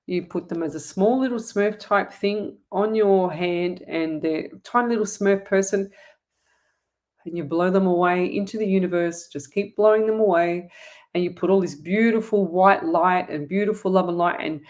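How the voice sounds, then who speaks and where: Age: adult. Sex: woman. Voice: lowish pitch. Delivery: chatty and rambling. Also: moderate pace, a little mellow. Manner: chatty and rambling, with frequent restarts and asides. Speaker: psychic medium host answering viewer questions. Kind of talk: casual live-stream chat.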